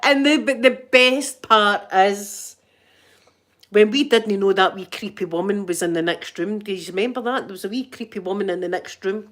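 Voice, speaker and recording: A woman's voice: medium pitch, normal speed, fairly bright tone. A woman with a Scottish accent chatting casually and telling funny stories, giggly and self-mocking, full of local slang. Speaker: ASMR channel host. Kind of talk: casual storytelling chat.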